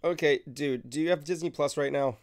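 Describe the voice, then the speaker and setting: Young male host, gravelly voice, playful and profane, casual chat. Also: on the high side, fairly quick. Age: 20s. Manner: teasing, animated, swears freely. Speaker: podcast host.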